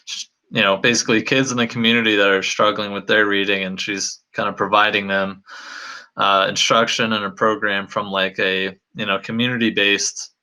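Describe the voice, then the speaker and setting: Young man, low voice, very bright tone, hesitant, lots of ums. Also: little pitch movement, moderate pace, poor audio. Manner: hesitant, many fillers. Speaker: co-host. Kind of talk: casual webinar hosting.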